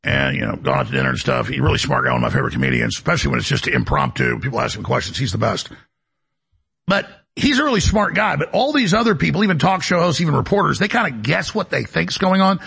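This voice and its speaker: A man hosting a talk show, delivering a rambling, emphatic monologue in a gravelly, raspy voice. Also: a little high, very animated, fast talker, fairly bright tone. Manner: emphatic, boastful, jumps between topics.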